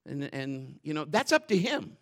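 A male pastor delivering a sermon in a church, his voice pitched a little high and ringing bright. He preaches in a folksy, joking manner. He drops to quiet asides and climbs to loud, fervent passages. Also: very animated, normal speed.

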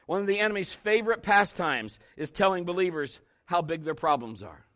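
A pastor delivers a sermon from the pulpit in a high, bright voice at a brisk pace. He is emphatic and animated, repeating his points and acting out stories for his congregation.

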